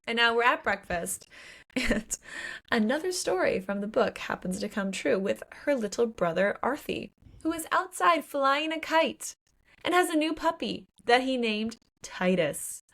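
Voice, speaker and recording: A young woman co-hosting a book podcast, recapping chapters in a lively, casual way, swearing freely and acting out quotes. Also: on the high side, moderate pace. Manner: animated retelling with acted quotes and swearing. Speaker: podcast co-host.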